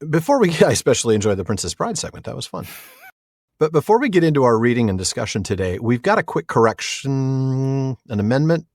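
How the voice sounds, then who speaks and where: A man hosts a casual podcast, talking in an animated way with a slightly husky voice. His pitch moves a lot as he reacts to his co-host. The sound is dry and close to the mic. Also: no room sound. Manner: animated, quick to laugh along.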